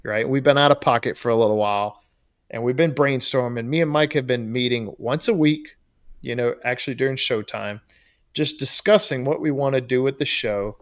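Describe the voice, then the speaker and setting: A man with an ordinary mid-range voice co-hosts a relaxed podcast. He rambles easily, restarts his sentences and often breaks into laughter. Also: medium pitch, moderate pace. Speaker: podcast co-host. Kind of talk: casual chat.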